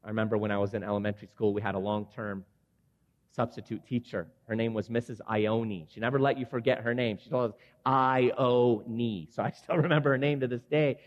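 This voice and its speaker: A man's voice: medium pitch, steady tone, brisk. Middle-aged guy preaching, earnest and emphatic, long hall echo, kinda dull muffled sound. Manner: earnest, builds to loud emphatic passages. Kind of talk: sermon to men.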